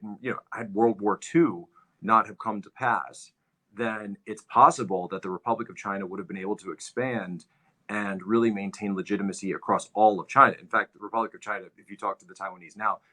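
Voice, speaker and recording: Male commentary host: low-pitched, forceful delivery, lecturing with emphatic repetition. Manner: emphatic, repeats phrases for stress. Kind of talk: livestream commentary, history lecture.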